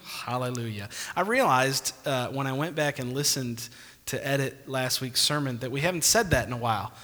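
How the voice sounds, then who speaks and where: A man's voice: mid-range voice, moderate pace, pushed and bright. A man pastor preaching a sermon emphatically, punctuating points with calls of amen, in a church hall. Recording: long church reverb.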